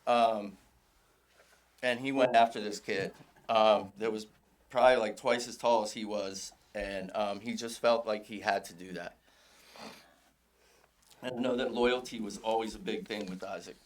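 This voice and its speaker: A man's voice: fairly low pitch, measured pace, pauses often. Middle-aged father telling stories at a eulogy. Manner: relaxed anecdotal storytelling, chuckling often. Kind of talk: informal memorial eulogy. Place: funeral home service.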